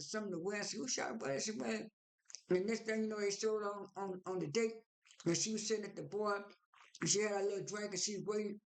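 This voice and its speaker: Older man rambling through a show recap. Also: high voice. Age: 60s. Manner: rambling, many restarts and repeated words. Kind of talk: casual retelling of a reality show episode.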